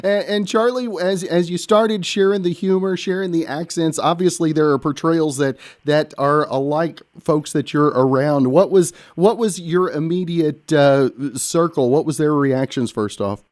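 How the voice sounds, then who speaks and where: A man hosting a podcast. He reads a scripted intro and then interviews his guest, sometimes halting and repeating words as he checks his notes. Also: fairly high pitch, darkish tone, dry recording. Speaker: podcast host.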